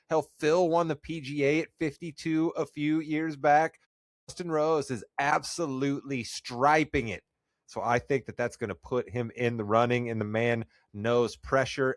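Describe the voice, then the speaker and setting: A man's voice: a little high, dry recording, studio quality. A man hosting a sports podcast in casual chat, upbeat and rambling at times. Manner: upbeat, loses his train of thought. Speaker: podcast host.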